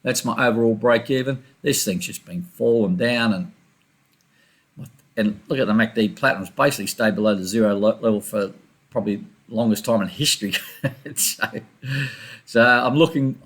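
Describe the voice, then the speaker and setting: A man talking quickly and loosely through his trading charts, with run-on sentences and restarts, as a screen-recorded voice-over. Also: mid-range voice. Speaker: forex trader reviewing his trades. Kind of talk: casual chart walkthrough.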